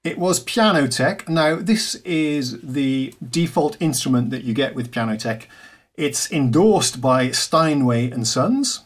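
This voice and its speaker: A man hosting a piano channel, talking casually to camera about his software in a chatty, self-mocking way. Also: mid-range voice, lively intonation, takes it slowly.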